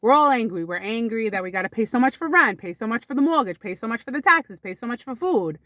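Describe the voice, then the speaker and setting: A woman vlogging to camera, telling rambling casual stories about her mother with sudden high exclamations. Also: lively intonation, fast talker, pushed and bright, no echo, clean studio sound.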